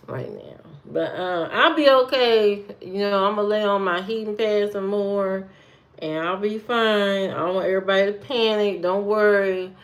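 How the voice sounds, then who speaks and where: Female livestreamer, casual and playful, sassy running banter with the audience. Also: mid-range voice.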